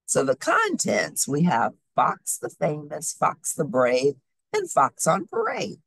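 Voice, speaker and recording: A woman reads a children's storybook aloud at an unhurried pace. Her voice is husky with a gravelly edge and rises and falls widely. The sound is dry and close. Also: sits low, no echo. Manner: slow, expressive storytelling. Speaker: storybook reader. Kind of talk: reading a children's book aloud.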